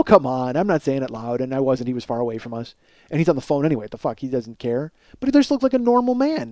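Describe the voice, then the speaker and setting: A man's voice: on the high side, mellow, no room sound. A man hosting a comedy podcast, telling a profane story and acting out both sides of the conversation in a ranting manner. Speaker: podcast host.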